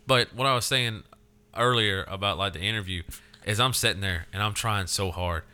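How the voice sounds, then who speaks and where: A man's voice: lowish voice, normal speed, sharp tone, clear, resonant tone. A man co-hosting a crude, casual podcast, rambling with lots of fillers and swearing. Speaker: podcast co-host.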